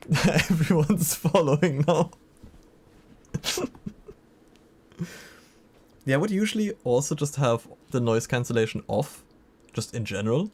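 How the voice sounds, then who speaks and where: A man's voice: mid-range voice, a little mellow. Male streamer, mid-range voice, casual running chatter with viewers. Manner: chatty, reacts to chat messages. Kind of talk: casual livestream chat.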